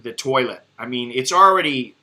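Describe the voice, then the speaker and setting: A man's voice: medium pitch, lively intonation, moderate pace, pushed and bright. An American man ranting bluntly and profanely in a casual vlog monologue. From United States. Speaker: expat vlogger.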